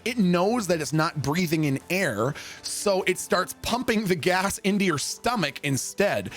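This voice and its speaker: Young guy streamer, pretty high voice, swears a lot, acts out the quotes. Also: fairly bright tone. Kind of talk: casual storytelling while gaming.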